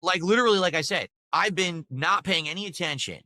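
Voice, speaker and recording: A man's voice: sits high, fairly quick, sharp tone, no room sound. A man chatting casually on a live stream, rambling and repeating himself as he talks to viewers.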